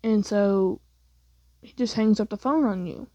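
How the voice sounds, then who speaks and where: A woman's voice: mid-range voice, a little slow, warm tone, dry recording. Young woman rambling thru a you-are-there fan story, lots of "like", dry dull lofi mic. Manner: casual, rambling, heavy use of "like". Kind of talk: second-person fan story narration.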